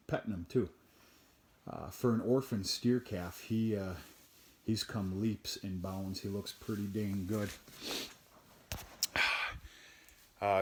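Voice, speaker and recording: A man's voice: fairly low pitch, husky. A man who raises cattle, talking casually and bluntly to camera on his farm, rambling and cursing mildly as he walks around. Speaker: cattle farmer. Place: outdoors on a farm.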